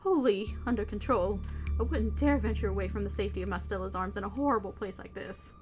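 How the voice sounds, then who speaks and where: A woman's voice: medium pitch, fast talker, a little mellow, soft background music, lightly acted. A woman voicing a prim, well-spoken pet cat with formal, genteel phrasing in a game. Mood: reassuring.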